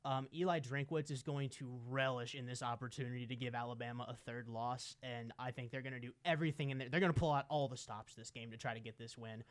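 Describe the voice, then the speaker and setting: A man's voice: medium pitch, fairly even intonation, fast talker, few pauses. A man co-hosting a casual sports podcast, emphatic and playful as he makes his picks. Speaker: podcast co-host.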